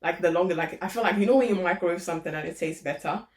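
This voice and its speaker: Chatty woman vlogger, low voice. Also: rapid-fire, a little mellow. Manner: chatty, informal, lots of "literally" and "like". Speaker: home decor vlogger. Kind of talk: casual how-to vlog chat. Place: home living room.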